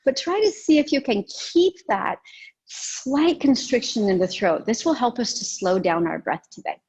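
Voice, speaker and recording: A woman teaching a yoga and breathing class, giving calm, gentle cues with soft pauses. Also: on the high side, breathy edge. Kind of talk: guided yoga and breathing instruction.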